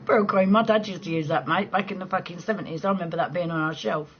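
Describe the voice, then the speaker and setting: A woman in her forties chatting casually at night, quick to laugh and free with swear words. She rambles and restarts her sentences, and her voice comes through dull, lo-fi stream audio with a faint hiss of noise underneath. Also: fairly low pitch. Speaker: live stream host chatting with viewers. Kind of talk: casual late-night chat.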